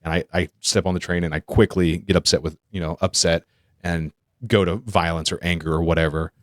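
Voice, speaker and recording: Man, low voice, casual podcast talk, rambling, self-correcting, dry close mic. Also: fairly even intonation, a little fast, dry recording.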